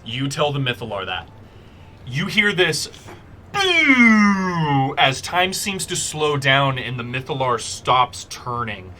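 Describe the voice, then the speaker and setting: A man's voice: mid-range voice, very animated, takes it slowly, bright, forceful tone. A man narrating as game master for a tabletop game, describing scenes with frequent fillers.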